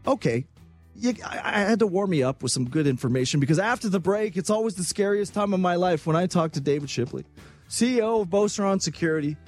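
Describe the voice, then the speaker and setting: Animated male radio host. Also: high-pitched. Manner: animated storytelling, emphatic. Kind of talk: casual talk-radio monologue.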